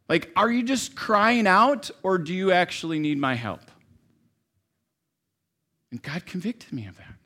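A man preaching a sermon in a conversational, storytelling way, dropping to soft asides and rising to emphatic lines. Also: on the high side. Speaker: pastor.

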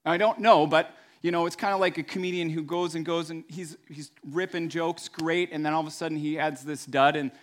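A man's voice: on the high side, fairly even intonation, brisk, hardly any pauses. A man preaching a sermon in a conversational, storytelling way. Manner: conversational storytelling, acts out voices. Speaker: pastor.

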